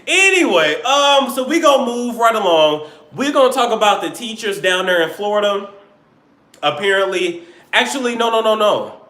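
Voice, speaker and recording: A man hosting a live-stream celebrity gossip show, animated and joking, sometimes slipping into mock accents. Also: high-pitched, moderate pace, reverberant.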